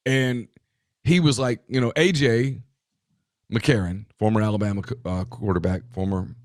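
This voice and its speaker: A man co-hosting a casual sports talk show, talking in an emphatic way with quick asides and restarts. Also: fairly low pitch, fairly even intonation, no echo, studio quality. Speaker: podcast co-host.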